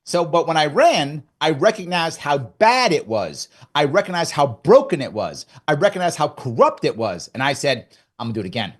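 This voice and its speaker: A middle-aged man from New York talking as an interview guest. He tells his story in an animated way and slips into the voice of his own past thoughts. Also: on the high side, moderate pace, few pauses, slightly rough. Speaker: guest, former governor candidate. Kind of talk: casual interview chat.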